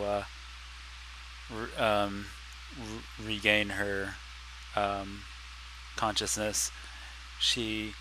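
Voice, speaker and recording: A man playing a tabletop game, describing his character's actions haltingly with stumbling restarts. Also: on the low side, bright, forceful tone, a little hiss or hum, low-quality recording. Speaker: player.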